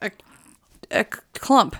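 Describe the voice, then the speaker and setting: A woman's voice: extremely slow, fairly bright tone, dry recording. Chatty woman, dry close sound. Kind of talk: casual chat.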